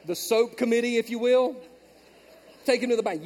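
High-voiced preacher man in a reverberant hall. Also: normal speed, pauses often. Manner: storytelling preacher, swings from hushed asides to loud emphatic peaks. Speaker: pastor. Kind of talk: sermon. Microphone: handheld mic.

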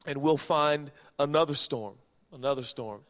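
A man from Seattle preaches to a gathering, reading scripture aloud and breaking off for wry, folksy jokes. His voice sits a little high for a man, and it swings from hushed to loud. It rings with a long reverb through a large hall. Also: normal speed. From Seattle, Washington, USA. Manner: folksy, joking asides, swings from soft to loud. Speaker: pastor.

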